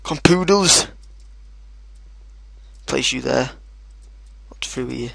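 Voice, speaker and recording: A young man with a gravelly, creaky voice talking through his gameplay at an unhurried pace. He is excitable and swears freely, and often shouts at his pets in the game. The sound is close and dry. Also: medium pitch, no room sound. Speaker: gaming video host. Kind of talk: casual let's play commentary.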